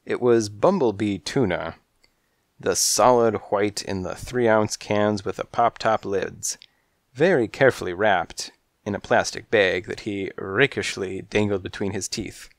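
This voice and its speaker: Slow, low-voiced male audiobook narrator. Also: no room sound, studio quality. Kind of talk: first-person audiobook narration.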